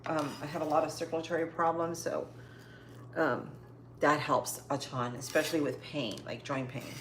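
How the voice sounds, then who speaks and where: A woman's voice: deep voice, fairly even intonation, normal speed. A woman hosting a casual cooking livestream from her home kitchen, chatting upbeat with viewers while she chops. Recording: echoey kitchen with faint noise.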